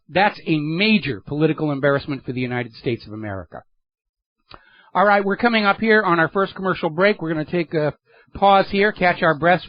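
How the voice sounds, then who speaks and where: A man's voice: fairly high pitch, dry recording, lo-fi sound. A man hosting a political talk radio show, delivering an emphatic, sardonic monologue into a studio microphone.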